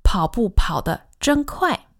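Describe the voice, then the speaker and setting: Woman co-host, friendly explainer of Chinese grammar, slows down to model phrases. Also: on the high side, big pitch swings. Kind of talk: podcast language lesson.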